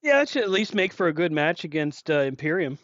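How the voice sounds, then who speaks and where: A man's voice: fairly high pitch, big pitch swings, quick pace, fairly bright tone, dry recording. Casual podcast co-host, male, wisecracking and mock-offended, slightly raised voice, dull dry home recording. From Virginia. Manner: wry, joking, mock-offended. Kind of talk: casual wrestling news chat.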